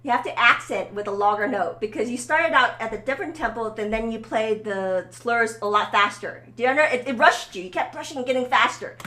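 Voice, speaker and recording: A woman's voice: fairly high pitch, fairly quick, hardly any pauses, sharp tone, reverberant. Woman violin teacher, coaching and encouraging. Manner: encouraging, coaching, keeps checking in with "okay?". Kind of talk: one-on-one violin lesson. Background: faint violin playing.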